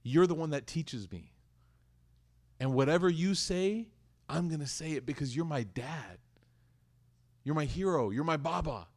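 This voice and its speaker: An earnest little boy, innocent and sincere, as a man telling a story puts him on. The voice sits a touch high and stays close to the storyteller's own. It is an everyday retelling, not a full character performance. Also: animated, measured pace, long pauses.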